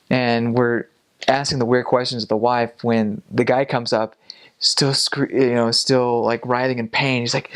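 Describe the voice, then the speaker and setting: A young man, a missionary, telling a casual story with animated delivery and frequent laughs. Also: medium pitch, moderate pace, clean tone. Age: young adult.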